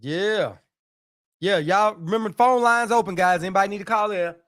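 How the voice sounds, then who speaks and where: A man with a high voice talks loosely with his live-stream viewers, throwing out slang and short asides. He greets people by name and keeps up relaxed banter. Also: brisk. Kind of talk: casual live-stream chat.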